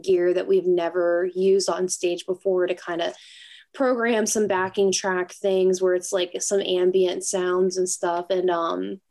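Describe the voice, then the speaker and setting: A woman's voice: lowish voice, level tone, measured pace, darkish tone. A woman musician chatting in an interview, talking loosely with lots of fillers and frequent laughs. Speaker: musician guest. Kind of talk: casual interview chat.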